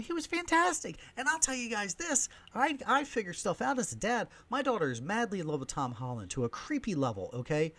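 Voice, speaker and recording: A man in his thirties or forties hosting a podcast, ranting excitedly in a movie review, swinging between loud emphasis and soft asides. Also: sits high, fairly quick, few pauses. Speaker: podcast host, film reviewer.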